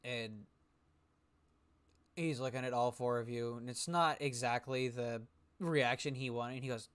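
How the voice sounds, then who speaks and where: A man narrating a tabletop game as game master in a slow, relaxed way with pauses. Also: mid-range voice, slight background noise.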